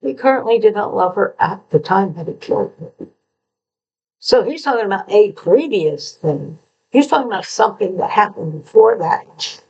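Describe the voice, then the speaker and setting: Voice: mid-range voice, animated, moderate pace, vocal fry, a little mellow, slightly rough, highs cut off. A true crime commentator analysing a confession letter, who lectures with emphasis and asks rhetorical questions.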